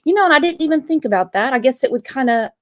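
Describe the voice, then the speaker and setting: A woman's voice: sits high, lively intonation, fast. A woman with a Southern US accent hosting a casual livestream, teasing her guest and reading viewer comments aloud. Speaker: host.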